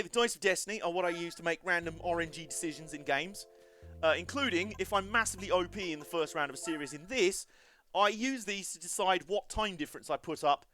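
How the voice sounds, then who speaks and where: A man's voice: fairly high pitch, fairly bright tone. A man chatting casually and self-deprecatingly as he live-streams a racing game, wandering into side stories.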